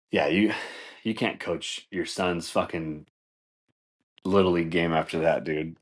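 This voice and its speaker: This podcast host speaks in a low voice, a little slowly and with long pauses, as he tells fight stories. His casual comedic commentary is profane and rambling, and he laughs often.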